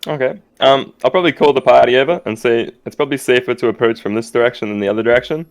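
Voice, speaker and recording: Guy player in an online tabletop game, mid-pitch, lots of um and like. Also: racing. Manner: hesitant, full of um and like. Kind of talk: casual game talk.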